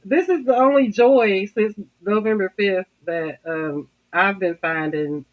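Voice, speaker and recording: Halting podcast host, dull lo-fi sound. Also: mid-range voice. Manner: rambling, halting, searching for words. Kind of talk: casual podcast commentary.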